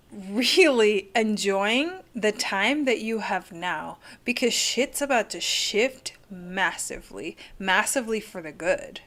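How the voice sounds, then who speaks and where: A woman hosting a live-streamed card reading, gushing and chatty and full of "like". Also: mid-range voice.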